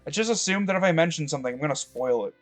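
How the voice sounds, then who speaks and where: A man's voice: a little high, animated, rapid-fire, faint music behind. A man from Michigan giving casual, rambling let's-play commentary from his rural home, cursing freely and drifting between topics. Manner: rambling, profane, digressive. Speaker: gameplay commentator.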